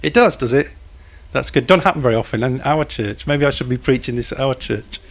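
A man's voice: medium pitch, fairly quick. A man preaching a sermon in a church, talking conversationally, putting questions to the congregation and cracking small jokes.

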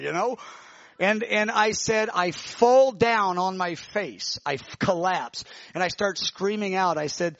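A man preaching, telling a vision in an animated, emotional way with many restarts. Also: high-pitched, normal speed, gravelly, no room sound, lo-fi sound. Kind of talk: sermon testimony, telling a vision.

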